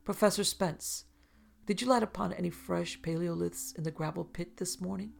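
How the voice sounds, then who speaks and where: A woman's voice: on the low side, normal speed, creaky. A woman reading aloud and voicing a severe, disapproving older society matron who speaks in a cold, reproving way. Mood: chilly.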